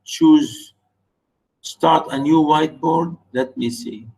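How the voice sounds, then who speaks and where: A man's voice: a little high, slow pace, vocal fry, darkish tone, poor audio. A male teacher giving an online literature lesson, patiently repeating words and chanting stress patterns.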